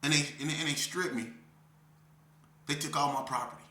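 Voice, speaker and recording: A man telling an emotional story of his past as an interview guest, talking intensely in street slang and repeating himself, swinging from near shouts down to a low voice. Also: fairly even intonation, fairly quick, roomy sound. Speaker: interview guest recounting prison life.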